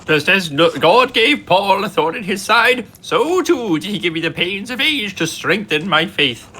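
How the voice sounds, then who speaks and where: A man's voice: high voice, sing-song, measured pace, pushed and bright, slight background noise, exaggerated voice. A man voicing a devout elderly nun who speaks earnestly of faith and hardship. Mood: pious. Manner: earnest, preachy.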